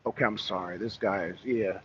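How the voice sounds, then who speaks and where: A man's voice: fairly low pitch, steady tone, a little fast, a bit bright, slightly rough. A man hosting a casual political talk show, speaking emphatically with a caller, repeating himself and restarting sentences often. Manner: emphatic and repetitive, with frequent restarts. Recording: dull lo-fi sound.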